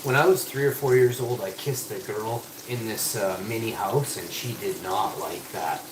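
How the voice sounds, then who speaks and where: On the low side and moderately paced, his voice reaches a distant mic over background noise. Cooking in his echoey home kitchen with food sizzling loudly, he streams live and rambles through crude, heavily sworn chat.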